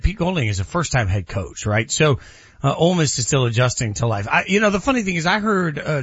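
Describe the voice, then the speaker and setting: A man's voice: mid-range voice, a bit bright, breathy edge, no echo, lo-fi sound. A man co-hosting a sports talk show, arguing his points emphatically and building them with repetition in casual debate.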